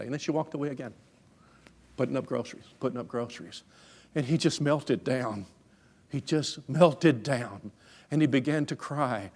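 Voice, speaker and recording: A man's voice: mid-range voice, normal speed, a little mellow, husky. A man preaching a sermon through stories, folksy, conversational and emphatic. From Alabama, USA. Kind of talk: storytelling sermon.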